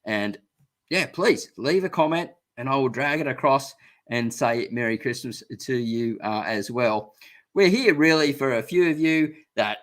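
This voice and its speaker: A man's voice: mid-range voice, measured pace, fairly bright tone. A middle-aged Australian man hosting a casual live stream, chatty and rambling, laughing often. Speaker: gardening channel host.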